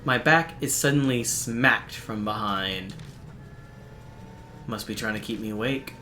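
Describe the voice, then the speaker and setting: A man streaming a game, reading its visual novel text aloud in a steady, even narration broken by quick, dry asides. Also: on the low side, noisy background. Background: faint game music.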